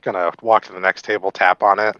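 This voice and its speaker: A man's voice: deep voice, flat delivery, quick pace, pushed and bright, clear, resonant tone, no room sound. A man playing a tabletop game, casual and a bit pushy in character, recorded on a dull dry mic. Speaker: player.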